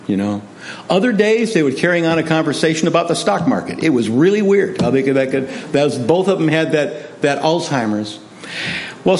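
A man preaching a sermon full of personal stories, his voice swinging from hushed to animated. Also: a little high. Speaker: pastor.

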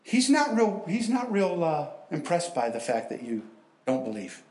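A man's voice: a little high, sing-song, moderate pace, darkish tone. A man preaching a sermon to a church congregation, quoting scripture in acted voices. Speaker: guest preacher. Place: church sanctuary. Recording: echoey church hall.

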